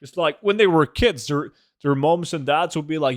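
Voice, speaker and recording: A man's voice: on the high side, moderate pace, hardly any pauses, dry recording, studio quality. Norwegian man, loose casual chatter. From Norway. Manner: loose, swearing, rambling with filler likes. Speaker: gaming streamer and host. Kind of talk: casual chat while gaming.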